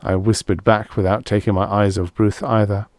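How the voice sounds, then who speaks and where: Low-voiced male audiobook narrator. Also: flat delivery, normal speed, darkish tone, dry recording, clean studio sound.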